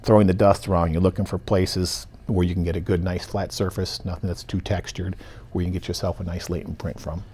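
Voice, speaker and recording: A man's voice: low-pitched, flat delivery, brisk, darkish tone, a little hiss or hum. A man working as an evidence technician, explaining step by step in short listed phrases during an interview. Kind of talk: interview answers.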